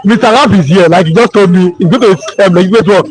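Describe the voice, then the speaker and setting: A man's voice: sits high, fast, low-quality recording. A man co-hosting a live-stream chat, talking hesitantly with many ums. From Nigeria. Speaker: co-host.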